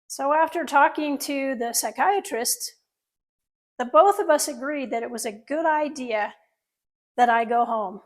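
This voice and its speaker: A woman's voice: high voice, a little slow. A middle-aged woman, a surgeon, telling an earnest personal story to an audience, with asides to listeners.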